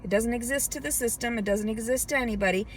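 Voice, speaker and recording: A higher-pitched woman rants with heavy swearing and agitation, filming herself in her car. Her voice sits a little away from the phone mic. Faint noise hums behind her. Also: fast talker, recorded from a distance. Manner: agitated, heavily profane ranting. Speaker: vlogger. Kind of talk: venting monologue to camera.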